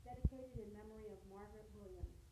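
A woman's voice: mid-range voice, fast, heavy background noise. Woman reading a picture book aloud. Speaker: children's librarian. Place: library room. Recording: roomy echo.

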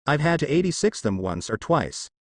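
Guy playing a deadpan tired bartender, dry close mic. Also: on the high side, normal speed, no room sound. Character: dry, weary male small-town bartender.

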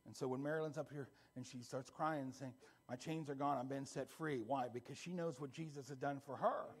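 A man pastor preaching a conversational sermon that builds into a loud, fervent closing prayer. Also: mid-range voice, steady tone, a little fast, husky. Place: church sanctuary.

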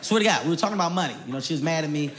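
Brash high-voiced male comedian. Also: expressive, racing, slight background noise. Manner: brash, loud, swings into shouting. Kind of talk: stand-up comedy. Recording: live show with laughing audience.

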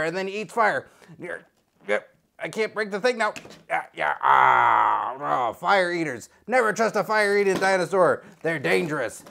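A man's voice: sits high, very animated, slow, vocal fry, sharp tone, a little hiss or hum. A man hosting a goofy unboxing video, his voice swinging widely and animatedly from one phrase to the next. He rambles playfully, cracks jokes at the viewer and breaks into silly nonsense noises. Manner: jokey asides, talks to the viewer. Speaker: unboxing show host.

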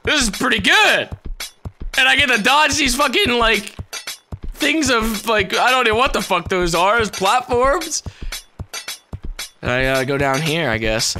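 A man giving let's-play commentary, excitable, yelling, swearing and laughing as he plays. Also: sits high, a little slow, pauses often. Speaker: gaming YouTuber. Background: game music.

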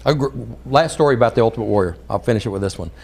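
A man's voice: lowish voice, animated, racing, a little mellow. An older man, telling rambling, funny anecdotes as a podcast guest. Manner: rambling, laughing anecdotes with quoted voices. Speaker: guest storyteller. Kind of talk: casual storytelling.

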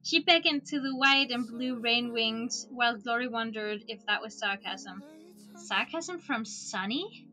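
A woman streamer reading a book aloud in a relaxed way, dropping small casual asides. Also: fairly high pitch, unhurried, soft background music. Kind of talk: storybook read-aloud.

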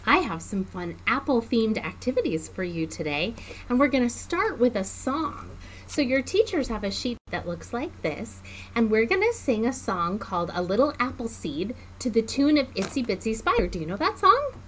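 A woman children's librarian reading a picture book aloud to preschoolers in a slow, sing-song, teacherly way. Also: on the high side, very animated, a bit bright, slight background noise.

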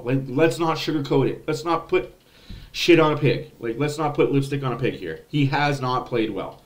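A man hosting a post-game hockey recap podcast, excitable and blunt, swearing freely. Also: mid-range voice. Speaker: podcast host.

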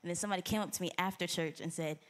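A young woman giving a chatty church testimony, quickly retelling conversations. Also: on the low side, fairly even intonation. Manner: rapid, chatty storytelling with quoted dialogue. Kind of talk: spoken testimony. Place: church sanctuary.

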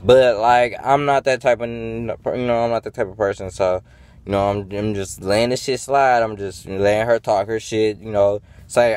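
A man's voice: mid-range voice, normal speed, darkish tone, smooth. A man venting in a rambling, profane monologue to his viewers, full of fillers and restarts. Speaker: vlogger.

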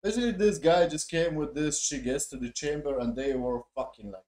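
A man's voice: on the high side, lively intonation, normal speed, few pauses, a little mellow. A man reviewing a show in a profane, mocking, exasperated casual rant. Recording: echoey room.

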